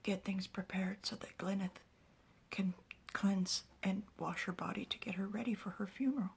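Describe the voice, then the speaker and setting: Woman whispering calm reassuring male chief, whispered role-play, soothing, gravelly. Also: mid-range voice, moderate pace.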